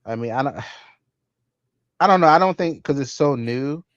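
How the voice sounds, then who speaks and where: A man's voice: medium pitch, animated, measured pace, dry recording. A man co-hosting a tech podcast in laid-back casual chat, swearing easily and laughing as he mimics others. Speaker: podcast co-host. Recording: dull, dry lo-fi audio.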